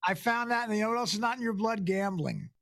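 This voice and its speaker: A man's voice: high-pitched, expressive, fast, vocal fry, fairly bright tone, no echo, studio quality. A man guesting on a radio show, chatting in a laid-back way and laughing along with the host. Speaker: comedian guest. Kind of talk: casual chat.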